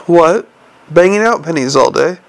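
A man's voice: a little high, animated, normal speed, creaky. A man voicing a restless, cornered young ex-swindler who talks in an agitated, defensive, exasperated way in an audiobook reading.

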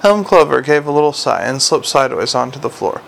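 A man narrating an audiobook in a steady, understated way. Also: medium pitch, a little fast, gravelly, slight background noise, rough recording.

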